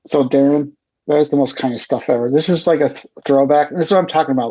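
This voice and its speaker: A man's voice: a little high, quick pace, a little mellow. A man guest on a podcast, talking in an emotional, gushing, casual way. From Chicago area. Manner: emotional, gushing, repeats "you know what I mean". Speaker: podcast guest, record shop co-owner. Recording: dull lo-fi sound.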